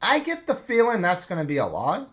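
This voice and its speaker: A man's voice: high-pitched, huge pitch swings, brisk, a bit bright. A man hosting a card game playthrough, reading the story aloud with offhand asides. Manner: offhand asides between read passages. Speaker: game player and channel host.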